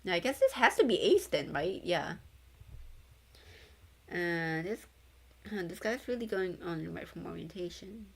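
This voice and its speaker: A woman's voice: on the low side, big pitch swings, measured pace, gravelly, long pauses, husky. A young woman VTuber reading a novel aloud in a casual read-along, stumbling, correcting herself and breaking into chatter.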